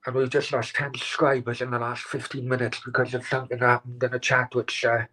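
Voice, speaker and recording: A man talks to his live chat in a voice of ordinary pitch. He is upset and close to tears, and he stops and restarts his sentences often, with a curse now and then. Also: monotone, sharp tone, low-quality recording. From Wales. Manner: upset, halting, swears, many restarts. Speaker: channel host.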